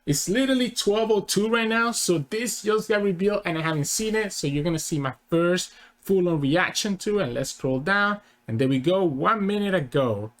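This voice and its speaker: A man's voice: high voice, moderate pace, a bit bright. A man hosting a casual reaction video, rambling and correcting himself mid-thought. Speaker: channel host.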